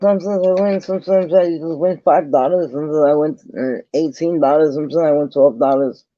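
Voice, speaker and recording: A man's voice: on the high side, fairly even intonation, fairly quick, warm tone, no echo. A man vlogging an angry, profane rant straight to the camera, repeating himself as he confronts someone. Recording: dull lo-fi sound.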